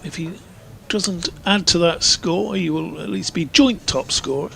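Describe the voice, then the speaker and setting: A man's voice: high-pitched, measured pace, creaky, a bit bright, a little hiss or hum. A man giving live ball-by-ball cricket commentary in a chatty, rambling way, drifting into anecdotes between deliveries.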